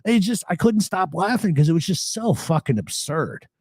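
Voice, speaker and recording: A man's voice: high voice, normal speed, breathy edge, no room sound, clean studio sound. A man hosting a live show, chatting casually and swearing freely as he tells stories. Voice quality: profane, animated storyteller. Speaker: podcast host. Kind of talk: casual live-stream chat.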